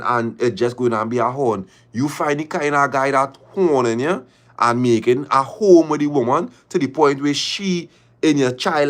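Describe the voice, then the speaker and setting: A man hosting a livestream, reading viewer confessions aloud and reacting with drawn-out exclamations and slang. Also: mid-range voice. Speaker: livestream host.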